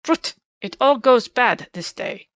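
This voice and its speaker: Woman reader as a stout, patient German professor, big brisk voice, deliberate delivery, dry booth. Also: medium pitch, sing-song, no room sound. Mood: exasperated. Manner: emphatic, loud and brisk.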